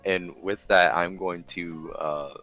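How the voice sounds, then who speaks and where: A man playing a tabletop game, describing his character's sneaky actions in casual table talk while thinking aloud with frequent pauses. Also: deep voice, steady tone, pushed and bright, faint music behind. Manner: thinking aloud, pausing with ums and restarts.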